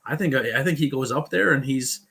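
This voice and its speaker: A man co-hosting a casual live watch-along, relaxed and opinionated, with quick bursts of speech. His voice sits at a medium pitch and has a bright, forward edge. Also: gravelly, breathy edge. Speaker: podcast co-host.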